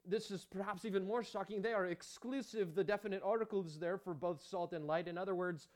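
A man preaching a sermon as pastor, emphatic, with rhetorical questions and chatty asides to the congregation. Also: high voice.

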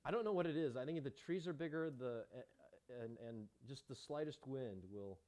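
A man's voice: mid-range voice, normal speed, a little mellow. A man preaching a sermon as pastor, emphatic, with rhetorical questions and chatty asides to the congregation.

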